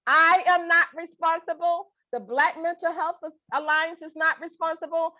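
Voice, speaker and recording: A woman's voice: very high-pitched, steady tone, moderate pace, sharp tone. A middle-aged woman leading a guided breathing and laughter class over a video call, playful, folksy and coaxing. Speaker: laughter exercise instructor.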